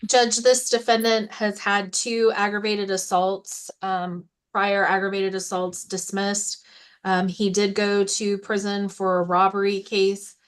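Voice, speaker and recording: A woman speaks as prosecutor, laying out her argument in a flat, measured tone. She pauses often with fillers between points. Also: medium pitch, clear, resonant tone. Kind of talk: courtroom argument.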